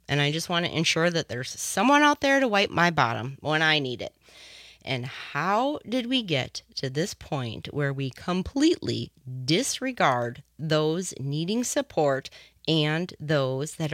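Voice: mid-range voice, a bit bright, no room sound. A radio talk show host giving impassioned, personal commentary into a studio microphone.

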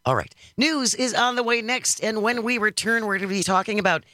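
A man hosting talk radio with a wry, easy delivery and a lively, rising and falling pitch. His voice is bright and slightly high, recorded dry and close. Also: a little fast, dry recording. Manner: wry, reads out quotes, smooth segues. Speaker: radio talk show host. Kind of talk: casual political radio chat.

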